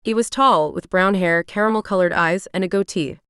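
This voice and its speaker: A woman narrates a first-person romance audiobook in a steady, even way. Her voice is smooth and clear, at a middle pitch, and it sits close and dry on the mic. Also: brisk, no echo.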